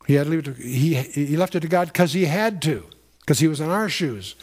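A man preaching a verse-by-verse sermon in an earnest, explanatory way. His voice sits a little higher than most men's. He stops to ask his listeners questions and often restarts a phrase. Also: expressive, fairly quick, darkish tone, breathy edge. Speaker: Bible teacher.

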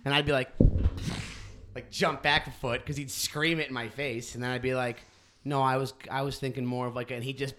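A man co-hosting a casual podcast, telling stories with lots of swearing and loud acted-out quotes. He grew up on the US East Coast. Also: mid-range voice, fairly quick. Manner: animated, swearing, acts out quotes loudly. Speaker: podcast co-host. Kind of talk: casual storytelling chat.

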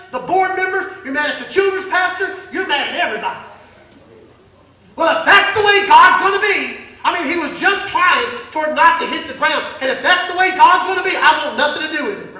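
A man with a very high, bright, ringing voice preaches a fiery sermon. He swings from shouting to hushed asides. The sound comes from a distance, deep in an echoey church hall. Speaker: pastor.

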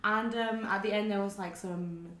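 Bright-voiced woman, hesitant. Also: mid-range voice, fairly even intonation, normal speed, slight background noise. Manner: hesitant, many fillers and restarts. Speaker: podcast guest, actor. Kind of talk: casual chat. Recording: roomy echo.

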